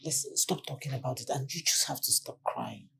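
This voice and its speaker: A woman's voice: very deep voice, fairly quick, creaky, slight background noise, full character voice. An actress playing a motherly woman who comforts a young girl firmly, with a Nigerian English accent. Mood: comforting. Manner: firm but comforting, animated.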